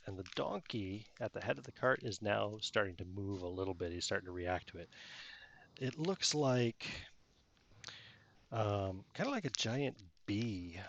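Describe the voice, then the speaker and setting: A man running a tabletop game as game master, narrating casually and rambling with many fillers. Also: lowish voice.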